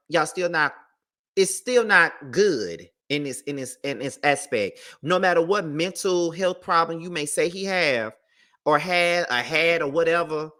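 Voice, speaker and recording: A woman's voice: sits low, bright, forceful tone. A woman giving blunt, profane gossip commentary and reading text messages aloud. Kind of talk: opinionated commentary.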